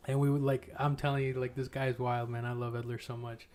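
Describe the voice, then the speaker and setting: A man's voice: medium pitch, flat delivery, fast talker, darkish tone. Profane, laughing man telling stories. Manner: profane, laughs through his own stories. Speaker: podcast host. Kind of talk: casual chat, swapping stories.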